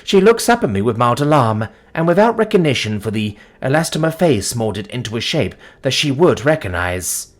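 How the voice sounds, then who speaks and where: A man reading a first-person sci-fi story as narrator, deliberate and even. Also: medium pitch.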